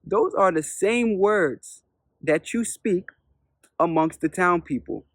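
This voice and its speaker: A man voicing a mischievous male trickster spirit who gives a measured, instructive lesson in a spoken parable. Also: high-pitched, a bit bright, no room sound, studio quality. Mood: stern, teaching.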